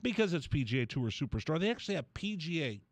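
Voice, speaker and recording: A man hosting a radio show, spinning a rambling, animated story into a close studio mic. His voice sits a little high, and the sound is dry with no room around it. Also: fast talker, no room sound. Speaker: radio host.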